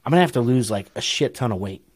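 A man's voice: mid-range voice, expressive, fast, no echo, clean studio sound. A middle-aged man with an Ohio accent, telling a long story on a podcast in a laid-back, profane way and laughing often. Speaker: podcast co-host. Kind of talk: casual chat, storytelling.

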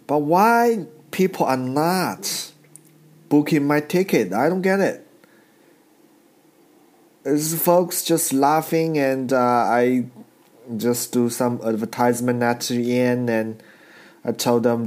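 A man doing a casual comedy monologue, halting, with broken grammar and many restarts. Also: mid-range voice, darkish tone. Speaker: stand-up comedian.

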